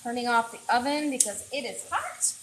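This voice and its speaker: A woman's voice: a little high, animated, normal speed, a bit bright, roomy sound, a little hiss or hum. A woman chef hosting a casual cooking livestream, chatting straight to her viewers while she cooks, on an earbud mic in a home kitchen. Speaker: chef and host.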